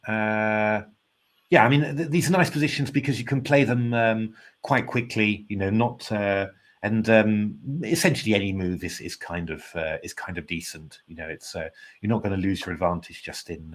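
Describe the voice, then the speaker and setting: A man's voice: on the low side, normal speed. Tired man thinking aloud over chess. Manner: thinking aloud, hesitant with many fillers, polite and self-deprecating. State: tired, yawning. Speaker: chess commentator. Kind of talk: casual live chess commentary.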